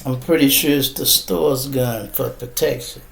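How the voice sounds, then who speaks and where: A man's voice: mid-range voice, unhurried, vocal fry, slight background noise. A man, hosting a podcast and telling a street story in casual, profane talk. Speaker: podcast host. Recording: roomy echo.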